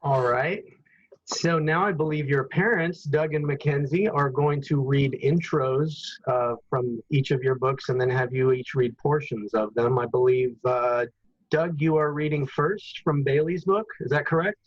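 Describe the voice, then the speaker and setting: A man hosting an online event who keeps things moving in a brisk, practical way as he sets up the next speakers. His voice comes through a somewhat dull, lo-fi video call line. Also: mid-range voice. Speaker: event host.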